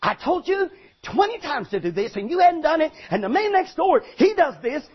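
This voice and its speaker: Brief: man putting on a shrill, nagging wife, high and sharp, reeling off grievances. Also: very animated, moderate pace, dull audio. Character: nagging, complaining middle-aged wife.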